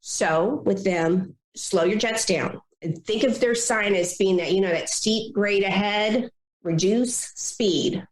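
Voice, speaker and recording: A woman consultant giving advice in a podcast interview, talking in a lively way and acting out complainers in little quoted voices. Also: medium pitch, slow pace, reverberant. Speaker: guest consultant on difficult people.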